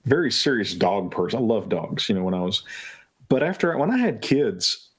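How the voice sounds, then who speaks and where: Low-voiced man telling rambling stories. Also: very animated, moderate pace, slightly rough. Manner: rambling anecdotal storyteller. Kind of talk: casual chat.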